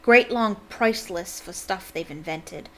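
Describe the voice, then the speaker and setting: A woman voicing a wry teenage boy who talks in a quiet, offhand way. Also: medium pitch, slow pace, poor audio. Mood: chatty.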